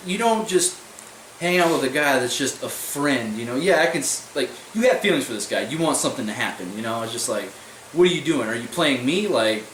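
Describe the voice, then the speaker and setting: This is a young male vlogger with a medium-pitched, fairly bright voice, casually telling a story full of swearing, tangents, and repeated "I was like." Faint noise and room echo come through from a mic placed at a distance.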